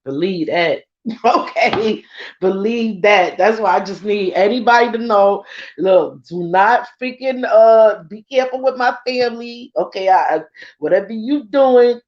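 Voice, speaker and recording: An effusive, emotional woman talks straight to her followers in a loose, laughing, heartfelt way. Her voice sits at a middle pitch. It comes through a slightly dull, lo-fi recording. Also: a little mellow. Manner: emotional and effusive, swears casually; laughs often, with a loose conversational rhythm. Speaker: spiritual vlogger addressing followers. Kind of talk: casual heartfelt talk.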